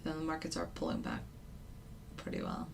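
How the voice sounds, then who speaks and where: A woman's voice: a bass voice, huge pitch swings, moderate pace, vocal fry, noisy background. A woman trader giving casual live commentary on the markets, thinking aloud with fillers and the odd laugh. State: hiccups. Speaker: futures day trader and channel host.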